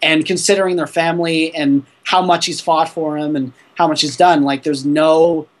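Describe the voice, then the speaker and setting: A man with a slightly high voice, chatting about a film in a loose, relaxed way. He retells scenes and drops wry asides as he goes. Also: moderate pace. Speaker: film discussion co-host. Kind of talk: casual film discussion.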